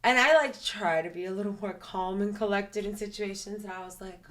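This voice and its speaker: A woman's voice: mid-range voice, moderate pace, few pauses, a bit bright. A woman, a podcast guest, earnestly retelling a personal experience in detail, often saying "like" as she talks. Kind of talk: personal storytelling in a podcast interview.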